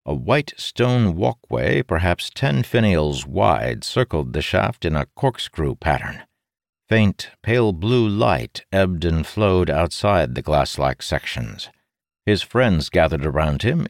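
A man with a very deep voice narrates a fantasy audiobook. His delivery moves a lot in pitch and stays measured. The recording is dry and close. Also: gravelly, dry recording.

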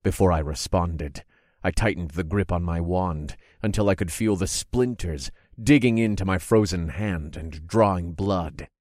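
Male narrator, very low voice, dramatic first-person audiobook reading, dry close sound. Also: a little mellow, no echo. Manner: measured, dramatic storytelling.

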